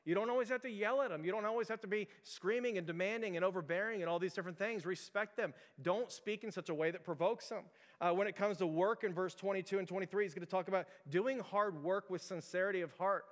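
Fast-talking pastor in an echoey hall. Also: male voice, sits high. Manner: conversational, storytelling, lots of fillers. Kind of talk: sermon.

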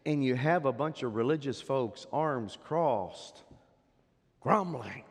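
A man's voice: mid-range voice, animated, slow pace, breathy edge. Dramatic preacher man in a reverberant hall. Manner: dramatic, swings from loud emphatic peaks to hushed drops. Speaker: pastor. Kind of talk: sermon.

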